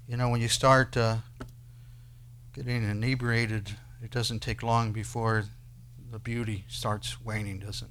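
A man preaching a sermon, who swings between loud declarations and quiet asides and asks his listeners many rhetorical questions. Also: medium pitch, fairly even intonation, slow, long pauses. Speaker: pastor.

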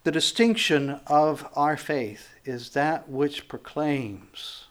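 A pastor in full sermon mode, talking to his congregation in a loose, conversational way. His voice sits a little high for a man, and he acts out little quoted exchanges before pushing up into loud, emphatic stretches. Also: takes it slowly.

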